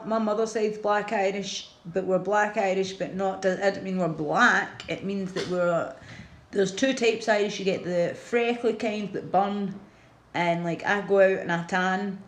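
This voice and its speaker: A woman with a Glaswegian accent talks casually on a livestream, rambling from one thought to the next and answering her viewers' comments. Her voice sits at a middling pitch and sounds roomy and echoey. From Scotland.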